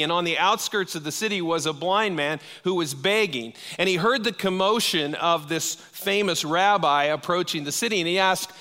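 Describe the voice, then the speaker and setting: Male pastor, sermon, bright tone, slightly high voice, lively storytelling, long hall reverb. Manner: lively storytelling, acting out voices in retold stories.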